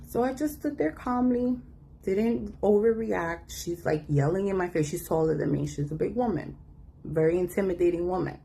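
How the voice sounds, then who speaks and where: Low-voiced woman telling a personal story. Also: moderate pace, gravelly, breathy edge. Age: adult. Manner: animated, acts out quoted voices.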